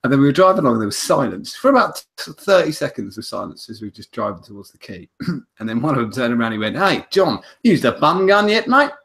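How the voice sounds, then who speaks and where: British male podcast co-host, animated yarn-spinner, varied expressive pitch. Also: fast, creaky. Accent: British English. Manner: animated storyteller, mimics voices in anecdotes. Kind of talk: casual chat.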